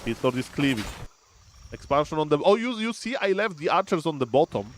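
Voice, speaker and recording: Guy casting his own strategy match live, animated, faint noise behind. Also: fairly high pitch, fairly quick. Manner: animated, often says "ladies and gentlemen", thinks aloud with fillers. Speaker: streamer commentating his own game. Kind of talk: live gameplay commentary.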